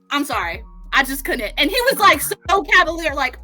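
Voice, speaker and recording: A woman co-hosting a live chat, excitable and profane, acting out quotes as she goes. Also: high voice, moderate pace, hardly any pauses, loud music behind the voice. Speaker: podcast co-host.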